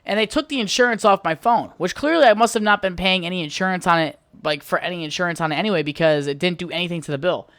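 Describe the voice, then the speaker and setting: On their own podcast, a host from the United States launches into one long angry monologue, swearing heavily and barely pausing. The fast, middling-pitched voice has a fairly bright tone and is recorded close and dry, with no echo or room sound.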